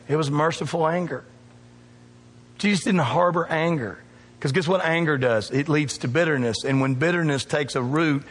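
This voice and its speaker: Husky pastor preaching in a reverberant church. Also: male voice, a little high. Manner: emphatic, calls out to the congregation. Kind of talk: sermon. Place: church sanctuary.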